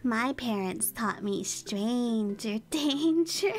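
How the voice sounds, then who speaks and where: High-voiced giggly woman streamer. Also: lively intonation, slow pace. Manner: giggly, playful asides to chat. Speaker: streamer reading a storybook. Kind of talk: ASMR storytelling and chat. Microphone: close ASMR mic. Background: soft background music.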